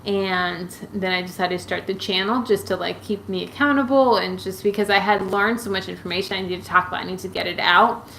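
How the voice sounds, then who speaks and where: A woman's voice: medium pitch, steady tone, fairly quick, gravelly, hardly any pauses, a bit bright, slight background noise, poor audio. A woman chatting casually on a live stream, rambling with many fillers and restarts as she answers viewers' comments. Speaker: YouTuber answering viewer questions.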